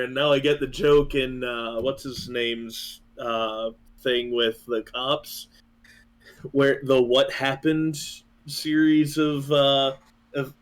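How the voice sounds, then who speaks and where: A man co-hosting a podcast in casual chat, naturally loud, laughing often and acting out voices as he retells a skit. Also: mid-range voice. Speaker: podcast co-host.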